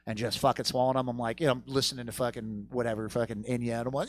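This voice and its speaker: Stand-up guy, high lively voice, bright, swears a lot, dry close sound. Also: fast, no room sound. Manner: profane, swings from low mutter to loud. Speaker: stand-up comedian. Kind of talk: stand-up set. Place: comedy theater stage.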